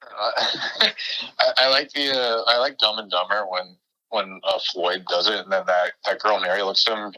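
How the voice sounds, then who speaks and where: A man's voice: lowish voice, steady tone, normal speed, sharp tone, rough recording. A man who is a guest on a comedy podcast, giggly and rambling in casual banter.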